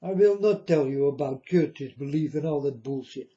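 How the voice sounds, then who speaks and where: A man with a slightly high, warm voice speaks at normal speed while hosting his own channel. His monologue is a blunt, scornful, preachy rant, captured in a dull lo-fi recording.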